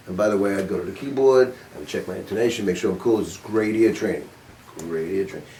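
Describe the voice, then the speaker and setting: An older man teaching a saxophone master class, his low voice loose and chatty as he demonstrates and cracks dry jokes. He is picked up from across a roomy studio, with a faint hiss underneath. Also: darkish tone. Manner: casual, demonstrative, joking. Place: music studio with a group. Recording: roomy room, mic at a distance.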